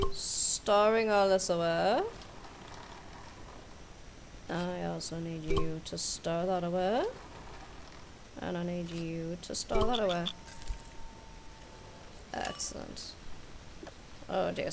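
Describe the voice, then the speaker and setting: A woman's voice: fairly low pitch, noisy background. A woman streamer chatting casually while playing, rambling and hesitant with many fillers. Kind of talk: casual live-stream chat. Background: background music.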